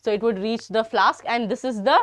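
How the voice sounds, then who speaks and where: A woman's voice: a little high, brisk, a bit bright, dry recording. A young woman with an Indian English accent teaching a live biology class, chatty and teasing, often turning to her students. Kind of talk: live online biology lesson.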